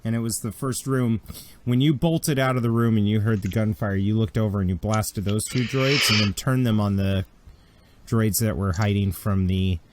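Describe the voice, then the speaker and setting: A man's voice: fairly low pitch, moderate pace, noisy background. A man narrating a tabletop role-playing game as game master, in a jokey, casual way. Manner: lively, jokey, swears casually.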